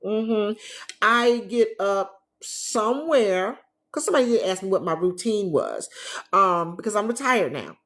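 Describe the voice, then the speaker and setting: A woman's voice: mid-range voice, unhurried. Chatty retired woman hosting a livestream. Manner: chatty and animated, talks straight to viewers. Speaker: travel agent business coach, livestream host. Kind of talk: casual livestream chat reading viewer comments. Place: living room, on a recliner.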